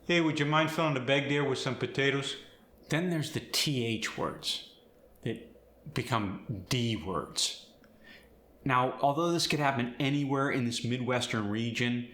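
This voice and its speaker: A man's voice: medium pitch, sharp tone, roomy sound. A man teaching an accent, explaining sounds and demonstrating example phrases. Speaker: accent coach. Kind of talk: scripted accent lesson.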